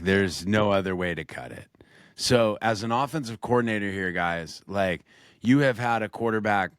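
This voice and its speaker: A man's voice: on the low side, fairly bright tone, clear, resonant tone, no room sound, studio quality. A man co-hosting a casual sports podcast, walking through game scenarios step by step and putting questions to his co-host.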